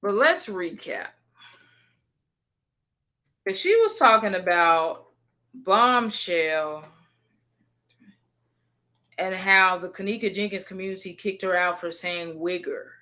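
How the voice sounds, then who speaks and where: A woman's voice: on the low side, animated, slow pace, pauses often, bright, forceful tone. A woman hosting a casual reaction commentary, making blunt, sassy asides to her chat. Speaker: commentary host.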